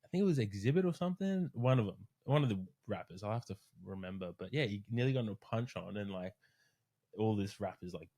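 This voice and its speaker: A man with a low, slightly deep voice chats loosely on a podcast. He tells stories with lively energy, tossing in a swear word here and there, and sounds like a strength coach talking shop with friends. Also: quick pace. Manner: animated storyteller, swears freely. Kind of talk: casual podcast chat.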